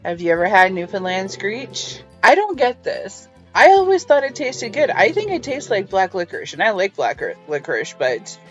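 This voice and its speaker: A woman's voice: mid-range voice, highs cut off. A woman hosting a casual book review, musing over passages with wry, chatty asides. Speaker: book reviewer and podcast host.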